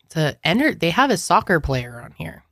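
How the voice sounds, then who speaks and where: Low-voiced woman chatting casually. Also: fairly quick, no room sound, clean studio sound. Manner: relaxed, chatty, blunt with swearing. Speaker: podcast co-host. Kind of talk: casual chat, snack taste test.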